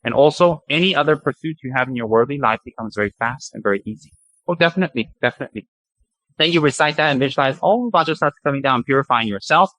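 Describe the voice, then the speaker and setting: A man teaching a Buddhist practice, chanting long mantras slowly and then explaining them in a lively, joking way. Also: mid-range voice, no room sound, poor audio.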